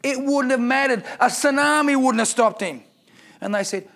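A man's voice: very high voice, normal speed, a bit bright. A man preaching a sermon as pastor, reading scripture aloud and asking the congregation rhetorical questions.

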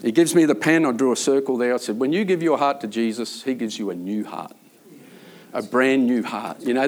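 A man speaking as a prison chaplain in an informal faith talk, telling stories earnestly and rambling with many fillers. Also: fairly high pitch.

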